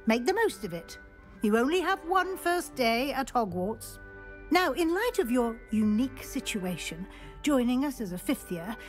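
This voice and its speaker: An actress playing a brisk, practical professor who gives firm instructions to a new student. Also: female voice, fairly high pitch. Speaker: game character.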